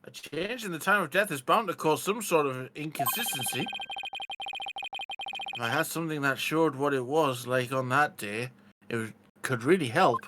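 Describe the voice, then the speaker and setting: A man voicing an earnest young defense lawyer, reading game dialogue with friends in a measured, deliberate way. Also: on the high side, heavy background noise, pitched below the performer's own voice, natural voice. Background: game music.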